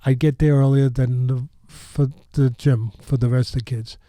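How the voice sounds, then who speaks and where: A man in his sixties from New York, a boxing trainer who is a podcast guest, telling animated stories with rambling asides. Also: mid-range voice, moderate pace, dry recording, studio quality. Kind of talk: animated storytelling.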